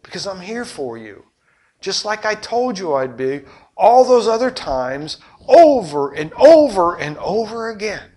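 A man's voice: high-pitched, sing-song, measured pace. Older man preaching with swelling passion. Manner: impassioned preaching, rhetorical questions, surging and dropping loudness. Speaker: pastor. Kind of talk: sermon.

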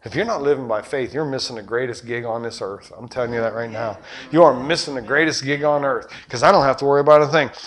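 An older man preaching a sermon as a pastor, with rhetorical questions and passion that surges loud and then drops low. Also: fast. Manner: impassioned preaching, rhetorical questions, surging and dropping loudness.

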